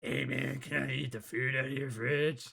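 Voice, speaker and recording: A man's voice: medium pitch, steady tone, normal speed, vocal fry, bright, forceful tone, slightly rough, heavily acted. Man doing a slacker shadow-being moocher. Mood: mooching. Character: lazy freeloading male shadow-being party guest.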